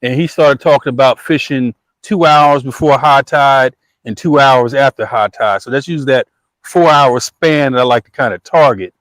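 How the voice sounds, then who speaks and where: Relaxed rambling fisherman, dry close sound. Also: mid-range voice, normal speed, no room sound, poor audio. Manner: relaxed, rambling with fillers and restarts. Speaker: guest angler on a livestream. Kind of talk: casual chat about bank fishing. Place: riverbank outdoors.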